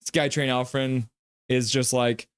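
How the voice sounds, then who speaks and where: A man hosts a live hockey reaction stream in a chatty, joking way, reading viewers' messages aloud and breaking into quick play-by-play calls. His voice is smooth and clear, pitched in a middle range, and it sounds dry and close with no room echo. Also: level tone.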